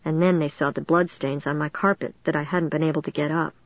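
A woman reading a first-person story aloud in a steady, measured way. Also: deep voice, no echo, highs cut off. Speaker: audiobook narrator.

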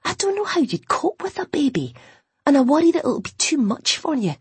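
A woman's voice: high-pitched, sing-song, fairly quick, darkish tone, no echo, voice pushed up. A woman voicing Jenny, a blunt, exasperated young best friend, in an audiobook. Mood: exasperated, worried. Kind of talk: audiobook character voice.

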